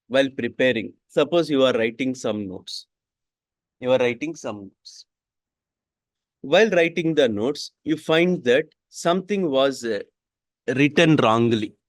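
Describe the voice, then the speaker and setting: Slow man repeating every line. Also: mid-range voice, no room sound. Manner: repeats each sentence twice, slow and deliberate. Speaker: coding instructor. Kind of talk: classroom coding lesson.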